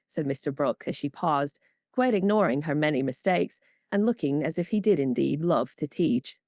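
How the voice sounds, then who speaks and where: This is scripted audiobook narration by a woman whose voice is low-pitched, her storytelling steady and measured. It's studio quality, free of room sound.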